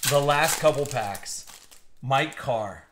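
A man hosting a live card-opening stream, excitable and swinging from hype to hushed suspense. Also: mid-range voice, slow, roomy sound, noisy background. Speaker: card break host.

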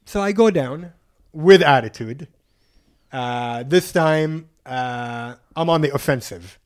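A man telling a travel story on a podcast in a casual, animated way, swearing freely and acting out what people said. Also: medium pitch, slow pace, clean tone. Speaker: podcast guest.

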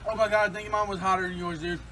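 A young man vlogging a challenge, swearing and exclaiming excitedly. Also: high-pitched. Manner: profane, excitable, loud exclamations. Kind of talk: casual challenge vlog. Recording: noisy background.

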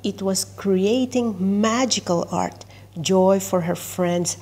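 Woman reading a kids' book aloud: gentle, husky, very slow. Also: mid-range voice. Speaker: children's book reader. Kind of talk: storybook read-aloud.

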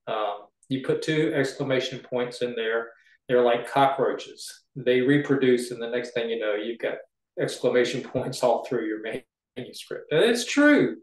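A man's voice: mid-range voice, fairly even intonation, normal speed. Chatty man coaching writers, echoey room. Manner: chatty, explains with homey examples. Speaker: writing coach. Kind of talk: casual teaching chat.

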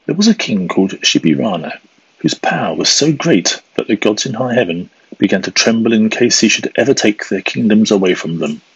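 A man tells a fable for a school assembly in a deep, husky voice, with a measured, expressive reading. The recording is dry and a little dull, with no room echo. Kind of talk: storybook reading.

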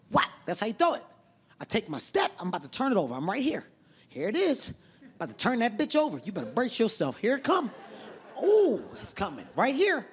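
A man telling animated stand-up stories on stage, acting out voices and shouting. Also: very high-pitched, slight background noise. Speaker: stand-up comedian. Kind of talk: stand-up comedy storytelling. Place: large theater stage with audience.

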